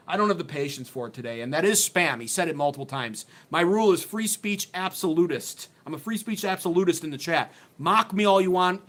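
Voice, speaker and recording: A man's voice: a little high, fairly bright tone. Riled-up, sarcastic male livestream host. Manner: sarcastic, riled up, blunt and profane. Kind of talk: heated political commentary livestream. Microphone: phone on a desk mount.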